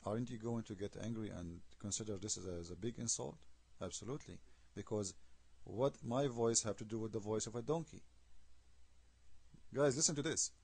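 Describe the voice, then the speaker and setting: A man's voice: fairly low pitch, normal speed, gravelly, long pauses, a little mellow, breathy edge. A man giving an argumentative video commentary, emphatic and scornful, firing off rhetorical questions in non-native English. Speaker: online commentator.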